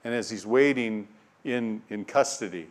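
Guy preaching a sermon, reading bible verses out loud, goes quiet then gets loud and punchy, repeats stuff for emphasis. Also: lowish voice, moderate pace. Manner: dynamic preaching, swinging from hushed to loud and emphatic; reads scripture aloud, repeating key phrases.

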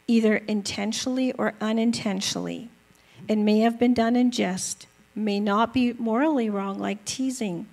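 Slow, gravelly-voiced woman teaching gently. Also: mid-range voice, rough recording. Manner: gentle, earnest, unhurried with fillers. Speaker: speaker teaching about apologies. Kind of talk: slow reflective talk with a read-aloud excerpt.

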